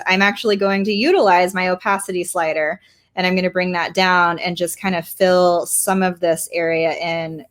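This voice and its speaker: Chatty woman teaching art casually. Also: medium pitch. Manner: chatty, rambling, self-deprecating, lots of fillers. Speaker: artist teaching a workshop. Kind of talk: casual live demo tutorial.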